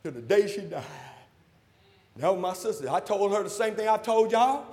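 A man's voice: high-pitched, lively intonation, normal speed. Fervent preacher in his sixties. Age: 60s. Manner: fervent, rising to shouts, calls and responses with the congregation. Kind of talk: sermon. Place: church sanctuary. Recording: long hall reverb.

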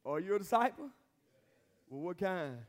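High-voiced preacher in echoing church. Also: male voice, big pitch swings, normal speed. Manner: emphatic call-and-response preaching, repeating phrases. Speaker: pastor. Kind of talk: sermon. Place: church sanctuary. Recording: long reverb of a church hall.

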